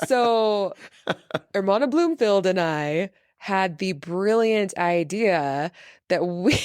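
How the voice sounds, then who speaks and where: A woman in her thirties talks casually as a podcast host, laughing her way through an animated story. Her voice sits at an ordinary middle pitch. The sound is dry and close, with no room echo. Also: drawn-out words, smooth.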